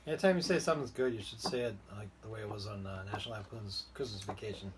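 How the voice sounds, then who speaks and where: A man's voice: lowish voice, quick pace. A man co-hosting a podcast in casual chat, dropping dry, short quips. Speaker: podcast co-host. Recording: noisy recording with clicks.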